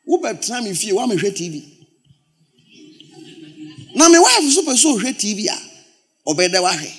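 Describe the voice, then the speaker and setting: A male pastor preaches in a high, lively voice. His pitch leaps around as he repeats words for emphasis. He drops from loud exclamations to hushed storytelling and back again. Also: normal speed. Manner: swings from loud exclamations to low, quiet storytelling. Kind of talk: sermon.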